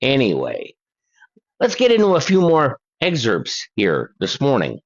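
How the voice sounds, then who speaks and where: Older male host, slow and chatty, reads viewer letters. Dull lo-fi sound. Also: medium pitch, wildly swooping pitch. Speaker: paranormal channel host. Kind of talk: casual reading of letters and articles.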